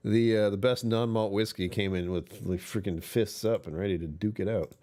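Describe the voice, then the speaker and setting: Tired, rumbly-voiced man chatting on a stream. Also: fairly even intonation, normal speed, mellow. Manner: chatty, joking, often laughing. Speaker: livestream host. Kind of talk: casual livestream chat.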